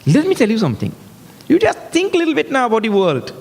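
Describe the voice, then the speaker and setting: A man giving a humorous, animated scripture discourse as a spiritual teacher, breaking into chanted verses. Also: very high voice, quick pace, creaky, slightly rough. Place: large hall. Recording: echoey hall.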